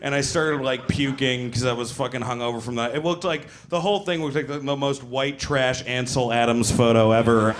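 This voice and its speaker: A man's voice: medium pitch, steady tone, brisk, hardly any pauses, slight background noise. A man in his thirties doing stand-up, telling a rambling story full of fillers and acted voices. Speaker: stand-up comedian. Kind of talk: stand-up comedy set.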